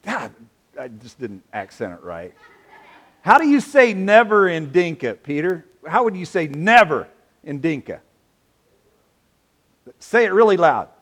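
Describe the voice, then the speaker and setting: Male pastor, high and lively voice, unhurried sermon delivery with playful audience back-and-forth. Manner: animated, playful, asks the audience questions. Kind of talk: sermon with congregation interplay.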